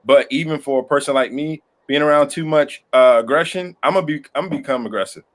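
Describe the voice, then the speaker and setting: Higher-voiced man chatting reflectively. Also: fast. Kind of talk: casual chat.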